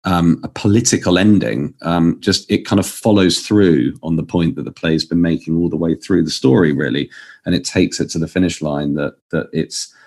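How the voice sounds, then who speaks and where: Man, very deep voice, interview guest, earnest, thinking aloud, frequent restarts. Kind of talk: conversational interview.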